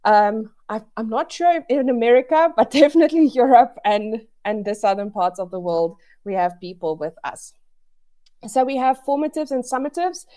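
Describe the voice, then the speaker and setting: A woman talks through a webinar over a video call. Her voice sits a little high, and her delivery is chatty and upbeat, full of fillers and quick restarts. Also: lively intonation, mellow. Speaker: education webinar presenter. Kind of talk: casual presentation to an online audience.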